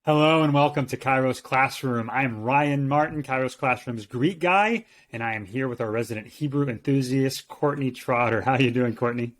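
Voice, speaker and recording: A man's voice: mid-range voice, normal speed, hardly any pauses. A man hosting a Bible language lesson, introducing the topic in an upbeat, joking presenter manner. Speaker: co-host, Greek teacher.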